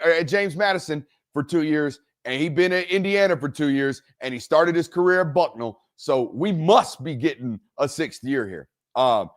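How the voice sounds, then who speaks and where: A man hosting a solo college football talk show, giving emphatic, repetitive commentary and swearing freely. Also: a little high.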